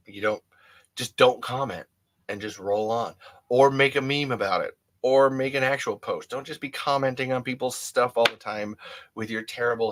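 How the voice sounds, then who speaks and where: A man's voice: mid-range voice, moderate pace, fairly bright tone. Male podcast host with a middle-range voice, talking solo and off the cuff, candid and prone to restarts. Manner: rambling, candid, restarts a lot. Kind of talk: casual solo monologue.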